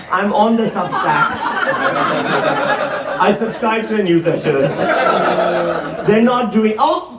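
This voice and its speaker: A man's voice: extremely high pitch, noisy background. A man in his forties performing stand-up comedy live, doing crowd work with the audience. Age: 40s. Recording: roomy live hall, distant mic, crowd laughter.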